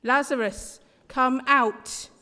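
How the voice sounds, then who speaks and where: A woman voicing Jesus as a calm man who speaks in a slow, steady, reassuring way. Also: medium pitch, lightly acted. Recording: long hall reverb.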